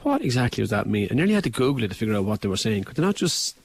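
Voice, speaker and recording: Fast-talking co-host. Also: male voice, fairly low pitch, big pitch swings, husky, no room sound. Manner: wry, quick banter.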